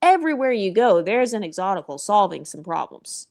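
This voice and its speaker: A woman's voice: medium pitch, very animated, a little fast, creaky, darkish tone. Sassy, profane woman vlogger. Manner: sassy, blunt and profane, with mocking asides. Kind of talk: opinionated casual commentary.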